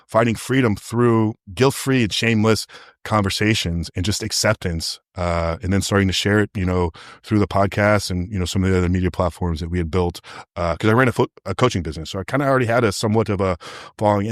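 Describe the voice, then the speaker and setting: Podcast guest, male, low voice, candid emotional storyteller, dry close sound. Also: dry recording. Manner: candid, emotional, fast storytelling with many fillers. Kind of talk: casual interview storytelling.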